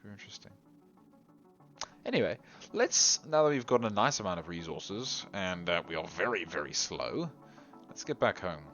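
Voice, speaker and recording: A lower-voiced man chats his way through a game, his pitch jumping about as he grumbles at the game and laughs at himself. The recording is a little dull and lo-fi, with faint music underneath. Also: sing-song, normal speed, a bit bright. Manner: chatty, exasperated at the game, laughs at himself, hums tunes. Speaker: gameplay commentator. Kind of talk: casual let's-play commentary.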